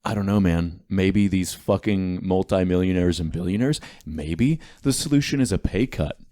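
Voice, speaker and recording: A middle-aged man with a lowish voice rants through a casual podcast chat. He swears freely and gets animated, and he keeps talking over his co-host. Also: normal speed.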